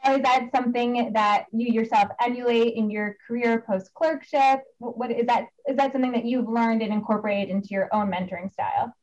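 A woman's voice: fairly high pitch, fairly even intonation, a little fast, hardly any pauses, darkish tone, muffled recording. A woman hosting a podcast interview, asking questions and prompting her guest with short affirmations. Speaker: podcast host.

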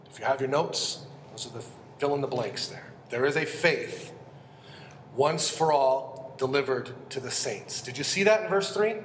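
A man's voice: high voice, a bit bright, a little hiss or hum. A man preaching an expository sermon as a pastor, earnest and emphatic, often asking his listeners questions. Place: church sanctuary. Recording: echoey hall with long reverb.

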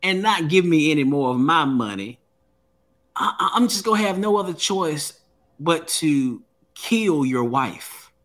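A man voicing an older business partner who calmly threatens him in a mafia-style way. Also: fairly high pitch, unhurried, voice pushed up. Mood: menacing. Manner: mafia-style threatening, calm and matter-of-fact. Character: menacing older male business partner, smug bully.

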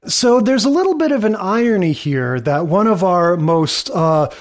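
A podcast co-host with a voice that sits high speaks at a moderate pace and sounds animated. His casual chat is analytical, wandering off into tangents and little theories.

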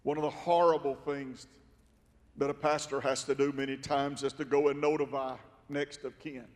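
A male pastor preaching a sermon, swinging from soft, quiet storytelling to dramatic shouting. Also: medium pitch, little pitch movement, normal speed. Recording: long reverb from a big hall.

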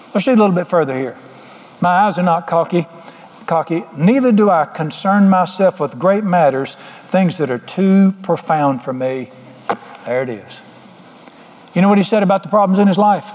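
A man's voice: high-pitched, darkish tone. A middle-aged man preaching a sermon, folksy and joking as he tells stories. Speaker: pastor. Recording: long hall reverb.

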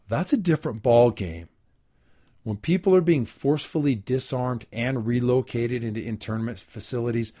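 A man's voice: mid-range voice, darkish tone. Plain-voiced man reading with wry asides. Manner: reads aloud and adds wry asides; plain, unhurried, frequent filler ums and uhs. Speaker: host. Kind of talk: casual spoken commentary reading from an article.

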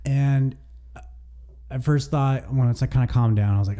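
A man's voice: mid-range voice, moderate pace, warm tone. A man co-hosting a casual podcast, telling a story in a rambling, easygoing way full of "like". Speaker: podcast co-host. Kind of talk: casual chat.

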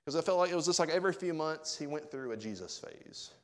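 A man's voice: on the high side, expressive, quick pace. A man pastor preaching a sermon, conversational and speaking directly to his congregation.

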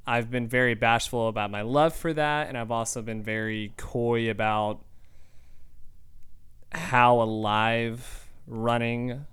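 Podcast host, young male, earnest and reflective, very clean resonant voice, mid-pitched. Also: fairly bright tone, clear, resonant tone. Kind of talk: casual monologue.

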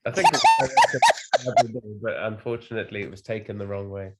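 A man's voice: lowish voice, wildly swooping pitch, moderate pace, heavy background noise. A man co-hosting a podcast, chatting casually and dropping dry, wry one-liners. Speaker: podcast co-host.

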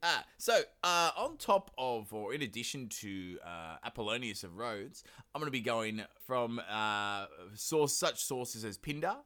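A man's voice: mid-range voice, lively intonation, measured pace, hardly any pauses, pushed and bright. A man hosting a history podcast, talking casually with lots of fillers and rambling asides. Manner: rambling, many fillers, jokey put-on voices. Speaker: podcast host.

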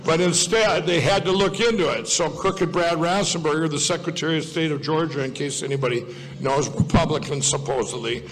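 A man's voice: fairly high pitch, a little fast. A man giving a rambling public speech to an audience, digressive and folksy, often correcting himself mid-sentence. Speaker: speaker at a political event. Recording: long reverb of a large hall.

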